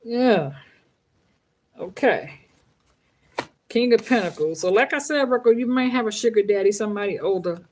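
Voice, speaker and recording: A woman's voice: mid-range voice, lively intonation, moderate pace, long pauses, a little mellow, a little hiss or hum. A woman from the Bronx with a New York accent, reading tarot from home in a brash, profane, joking live-stream chat. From Bronx, New York City. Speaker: tarot reader.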